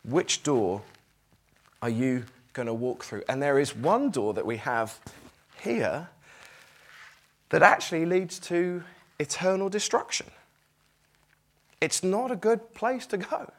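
Man preaching an animated sermon. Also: fairly high pitch, slow, long pauses. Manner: animated preaching, reads scripture aloud with emphasis.

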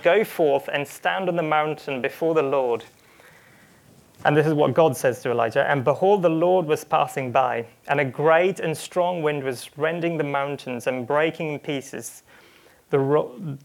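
A man's voice: a little high, creaky. A man preaching a sermon, speaking earnestly, often restarting phrases and voicing quoted lines. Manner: earnest, with frequent repeated starts and quoted asides.

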